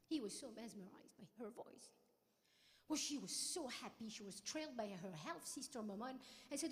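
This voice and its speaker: A woman's voice: a little high, brisk, big-room sound. A woman singer telling a life story on a theatre stage, acting out the people she quotes as she goes. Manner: expressive, acts out the quotes.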